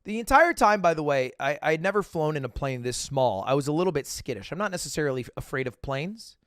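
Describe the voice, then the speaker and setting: A young man livestreaming, casually telling a story to his chat, swinging between loud bursts and low asides and acting out the dialogue. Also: sing-song, fast, no echo, clean studio sound. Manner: acts out quoted dialogue.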